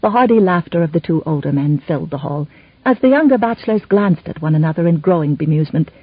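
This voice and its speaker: Give me a woman narrator with an animated, slightly breathy voice, recorded dry and a bit muffled. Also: deep voice, fast, dry recording. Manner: expressive, even-toned storytelling. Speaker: audiobook narrator. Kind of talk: scripted narration.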